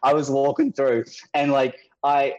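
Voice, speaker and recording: A man chats on a podcast in a relaxed, storytelling way. His voice sits at an ordinary middle pitch, and he swears now and then. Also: a little slow, highs cut off. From New Zealand. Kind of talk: casual podcast chat.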